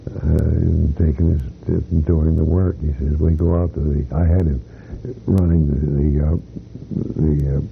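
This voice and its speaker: An older man recounts his working years in a slow, rambling way, circling back with restarts and fillers. His voice sits very low with a gravelly rasp. The recording is tinny and phone-like, with a faint hiss underneath. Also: little pitch movement. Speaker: retired company employee interviewee. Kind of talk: oral history storytelling.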